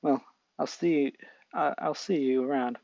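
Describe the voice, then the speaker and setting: A man voicing a calm, reserved teenage boy who speaks understated. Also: medium pitch, normal speed, vocal fry, no room sound, lightly acted. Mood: cool. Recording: dull lo-fi mic.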